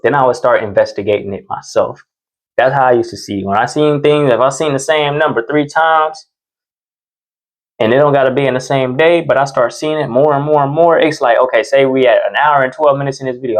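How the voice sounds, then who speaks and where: A man hosting his own podcast, talking casually in slang and swearing freely as he tells personal stories. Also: mid-range voice. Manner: profane, slangy, animated. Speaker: podcast host. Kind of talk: casual commentary and storytelling.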